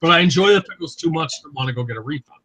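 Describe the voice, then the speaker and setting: A man with a bright, slightly raised voice spins long, profane anecdotes on a group call. He rambles, restarts, and acts out the other people in his stories. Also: a little high, lively intonation, racing, breathy edge, poor audio. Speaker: host. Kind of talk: casual group chat. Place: online voice call.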